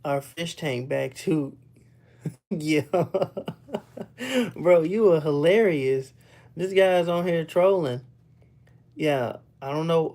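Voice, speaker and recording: A young man with a rather high-pitched voice, chatting casually with viewers on a livestream and laughing often. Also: lively intonation, extremely slow, pauses often, darkish tone. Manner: laughs often, loose and playful, teases chat. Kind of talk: casual live chat.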